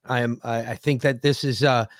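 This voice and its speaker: A man's voice: mid-range voice, little pitch movement, normal speed, dry recording, clean studio sound. A man co-hosting a political podcast, ranting in a heated, profane way. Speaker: podcast co-host. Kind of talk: casual political podcast chat.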